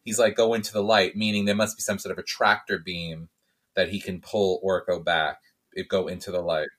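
Wry joking man with a bright voice. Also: deep voice, level tone, a little fast. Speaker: podcast co-host. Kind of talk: casual chat.

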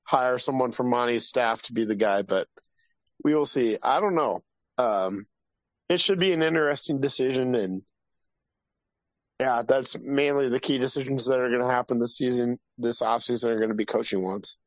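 A man's voice: mid-range voice, normal speed, dry recording. A man co-hosting a podcast, easygoing and a bit hesitant, joking about sports. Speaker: podcast co-host. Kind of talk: casual sports chat.

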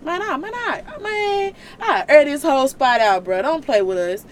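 A woman voicing God as a brash, fed-up man who talks in loud street slang. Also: sits high, animated, brisk, creaky, slight background noise. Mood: exasperated.

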